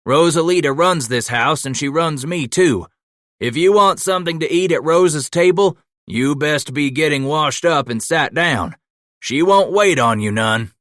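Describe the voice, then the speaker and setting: A man voicing a gruff, hospitable old mountain man, hollering in a folksy frontier drawl. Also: medium pitch, expressive, measured pace, fairly bright tone, no echo, studio quality. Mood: hearty.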